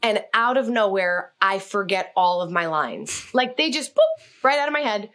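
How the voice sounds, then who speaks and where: A woman telling stories in an interview, animated and acting out the voices in her quotes. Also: normal speed. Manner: animated, acts out quotes with big pitch jumps. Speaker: guest, actress and communication coach. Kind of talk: storytelling in an interview.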